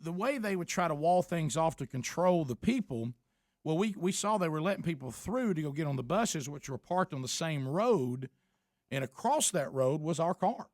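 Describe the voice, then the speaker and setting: A fairly high-voiced man hosting a radio talk show, telling a story with lots of restarts and quick shifts into the other people's voices. The sound is dry and close to the mic. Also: no room sound. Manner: animated, acts out both sides of a quarrel with many restarts.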